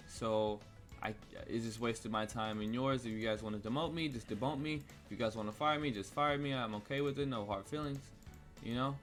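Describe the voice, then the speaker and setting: While gaming, a young American vlogger rants his way through a heated, wandering story full of curse words. His voice sits at medium pitch with a fairly bright tone, over faint cello music.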